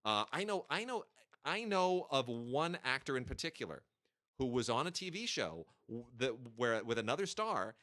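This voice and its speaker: A man's voice: mid-range voice, big pitch swings, normal speed, a bit bright. A man co-hosting a podcast, telling stories in a casual, emphatic way. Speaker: podcast co-host. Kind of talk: casual chat and anecdotes.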